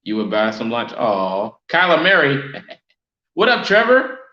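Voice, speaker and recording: A man hosting a casual sports fan live stream, chatting loosely and giving viewers shout-outs. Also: mid-range voice, very animated, a little slow. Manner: casual, reads and answers chat shout-outs. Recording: roomy, dull lo-fi sound.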